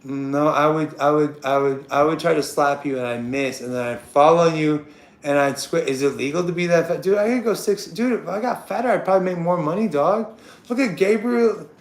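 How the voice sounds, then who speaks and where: A man in his thirties with a high voice, ranting on a livestream. He is crude and confrontational, talks loudly, and keeps repeating himself. The room around him sounds echoey. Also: moderate pace. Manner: crude, confrontational, trash-talking a chatter; loud and excitable, repeats himself. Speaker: livestream host. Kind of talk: unscripted livestream rant. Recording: roomy echo.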